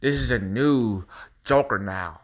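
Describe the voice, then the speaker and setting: A man's voice: medium pitch, unhurried, lightly acted. A man voicing an unhinged, gleeful male clown villain in a fan impression skit, taunting in a sing-song way, swinging between whispers and squeals, with a cackling laugh.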